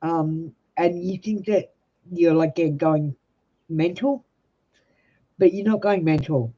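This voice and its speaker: A woman's voice: lowish voice, slow pace, mellow, breathy edge, muffled recording. An Australian woman reading tarot cards on a live stream, chatting bluntly and casually with viewers in a practiced announcer-style delivery. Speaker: tarot reader.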